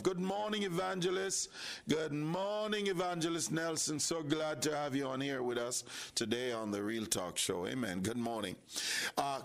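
A man's voice: on the high side, gravelly, a bit bright. A man hosting a faith-based talk show, talking in a preacherly way, repeating phrases and speaking straight to his listeners. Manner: preacherly, repeats phrases, addresses audience directly.

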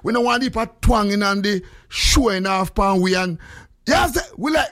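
A Jamaican man hosting a casual chat, his voice sitting high and swooping widely as he spins animated stories in patois. The sound is dry and close, with no room around it. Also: normal speed, no room sound. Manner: animated storyteller, mixes in patois.

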